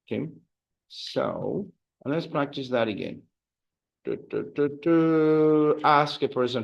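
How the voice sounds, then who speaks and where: A man's voice: on the high side, takes it slowly, gravelly, muffled recording. A man teaching a Spanish class, explaining grammar and leading drills, with many fillers and restarts. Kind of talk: classroom language lesson.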